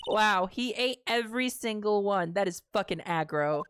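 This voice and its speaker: A woman's voice: mid-range voice, expressive, moderate pace, few pauses, slight background noise. A young adult woman streaming a game, chatting casually and playfully and reading the dialogue aloud. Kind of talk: casual playthrough commentary. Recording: game music behind.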